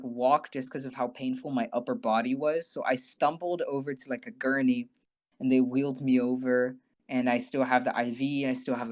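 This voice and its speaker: A young man co-hosting a podcast, telling a story in a rambling, animated way with many restarts and some swearing. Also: medium pitch. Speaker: podcast co-host. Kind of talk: casual storytelling.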